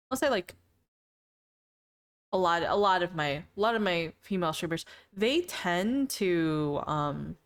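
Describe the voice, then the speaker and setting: A woman's voice: fairly low pitch, clean tone. A woman streamer in casual live-stream chat with viewers, playful and teasing, laughing often between remarks.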